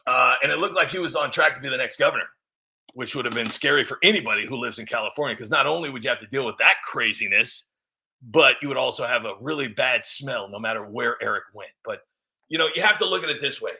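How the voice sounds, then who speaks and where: A man's voice: medium pitch, fast, sharp tone. A man giving a rambling, mocking political commentary with many fillers. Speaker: vlogger.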